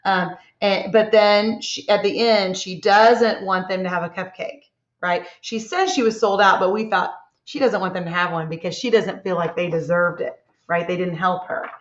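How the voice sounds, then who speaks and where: A woman teacher leading a slow, encouraging reading lesson for young children, asking many tag questions. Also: medium pitch, fairly even intonation. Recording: echoey room, dull lo-fi sound.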